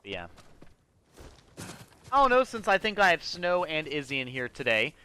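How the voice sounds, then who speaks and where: Young guy streaming a game, excitable, swears a lot, bright punchy voice that bounces all over. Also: fairly high pitch, normal speed, smooth. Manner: excitable, swears often, talks to chat. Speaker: streamer playing a video game. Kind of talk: casual live-stream commentary.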